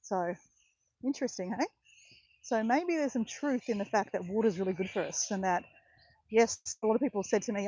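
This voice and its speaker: A woman's voice: on the high side, big pitch swings, normal speed, a little mellow, husky, dry recording, highs cut off. Chatty woman vlogging on a walk. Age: around 50. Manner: chatty and rambling, correcting herself as she goes. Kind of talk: casual walking vlog chat. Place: outdoors in botanical gardens, walking.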